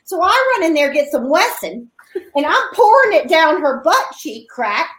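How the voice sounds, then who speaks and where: A woman on a podcast, telling a story with animated swings of pitch. Her voice sits high, and the room adds a noticeable echo. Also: normal speed. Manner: lively storyteller, acts out quotes with loud squeals. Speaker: podcast guest. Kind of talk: casual chat, storytelling.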